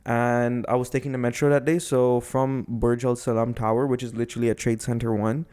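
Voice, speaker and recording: Brief: mid-pitched male podcast host, rambling anecdote, casual and jokey. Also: level tone, brisk, darkish tone, smooth. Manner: rambling, self-correcting, jokey. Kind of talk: casual chat, storytelling.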